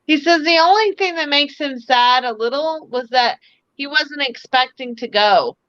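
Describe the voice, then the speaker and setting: A high, bright woman's voice chatting through a psychic reading on a live stream, full of "like" and quick asides. The sound is dry and a bit dull, like lo-fi stream audio. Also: no room sound. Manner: relays spirit messages in a chatty way with many "like" fillers. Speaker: psychic medium and host.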